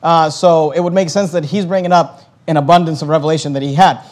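A man's voice: a little high, steady tone, fast talker, darkish tone. A man preaching a conversational Bible-teaching sermon, explaining verses with plenty of fillers and restarts.

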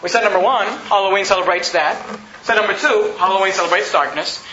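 A man's voice: high voice, fairly quick, sharp tone, slight background noise. A pastor preaching a sermon emphatically, mocking his listeners with put-on quotes. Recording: roomy, slightly dull recording.

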